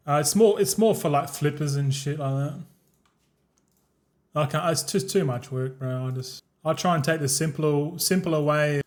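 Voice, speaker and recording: Streaming a game, a thirty-something Australian man rambles along casually, laughing frequently and swearing without restraint. His voice runs a little high.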